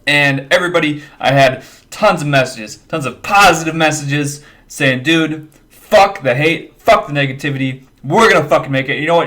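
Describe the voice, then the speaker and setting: A man's voice: fairly high pitch, pushed and bright. Profane, rambling man ranting to a webcam. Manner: profane, emphatic pep talk; rambling, repeats himself. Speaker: webcam video maker.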